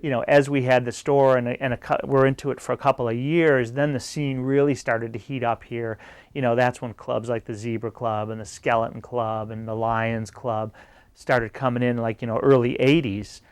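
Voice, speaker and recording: A man's voice: medium pitch, normal speed, smooth, dry recording. Man reminiscing in a dry interview. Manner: relaxed, many fillers. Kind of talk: documentary interview recollection.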